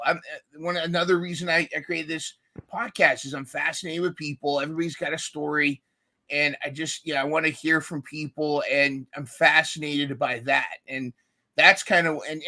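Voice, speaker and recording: A man hosting a casual podcast chat with a bright, forward voice. He pitches a little higher than most men and talks eagerly. He rambles and restarts his sentences. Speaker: podcast host. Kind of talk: casual conversation.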